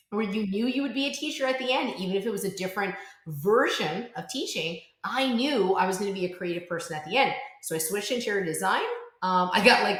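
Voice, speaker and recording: An animated American woman chatting as a podcast guest, her voice bouncing around a roomy, echoey space. She talks at a mid pitch, laughs easily and slips into lively voices when she quotes people. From United States. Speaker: podcast guest, branding expert. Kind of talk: casual conversation.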